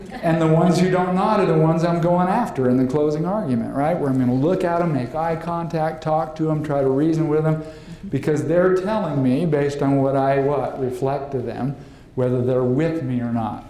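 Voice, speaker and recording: A man giving a lively live seminar to an audience, asking the room questions and acting out quotes. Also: fairly high pitch, moderate pace. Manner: animated, acts out quotes, asks the room questions. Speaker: leadership trainer. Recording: very echoey room, faint noise.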